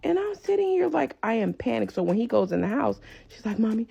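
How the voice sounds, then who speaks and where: A woman's voice: on the high side, very animated, fairly quick, creaky, mellow, husky, dull audio, faint music behind. A woman telling an emotional story to her viewers in an urgent, direct way.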